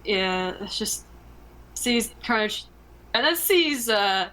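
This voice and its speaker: A woman's voice: a little high, expressive, slow pace, bright, forceful tone, slight background noise, low-quality recording. A woman playing a tabletop game, describing her character's actions hesitantly with many fillers. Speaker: player.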